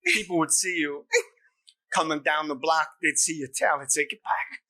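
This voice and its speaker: A man impersonating an eccentric older male movie star, with a halting cadence that lurches between whispering and yelling. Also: on the high side, dry recording. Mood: manic.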